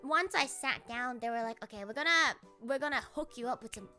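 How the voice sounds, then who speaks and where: A woman's voice: high-pitched, fairly quick, sharp tone, faint music behind. A woman streamer telling a story in a casual, rambling, profane way.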